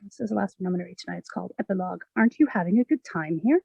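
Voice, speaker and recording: A woman poet giving a measured, expressive reading of her own poems. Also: fairly low pitch, vocal fry, husky, no echo, dull audio. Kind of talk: poetry reading.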